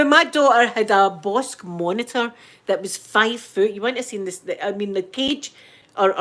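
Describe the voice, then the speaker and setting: A woman's voice: medium pitch, a bit bright. A middle-aged Scottish woman hosting a live stream, chatting casually and greeting viewers by name. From Scotland. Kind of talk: casual chat.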